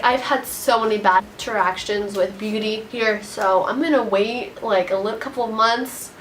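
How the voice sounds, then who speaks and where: A woman's voice: fairly high pitch, fairly bright tone, a little hiss or hum. A teenage girl telling a storytime vlog in a casual, rambling way, upset and full of "like". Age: teens. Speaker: vlogger.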